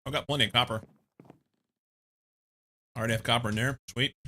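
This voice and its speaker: A man livestreaming a game, muttering to himself and often coughing and clearing his throat. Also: medium pitch, steady tone, a little fast, sharp tone, a little hiss or hum. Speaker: streamer. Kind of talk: casual gaming livestream talk.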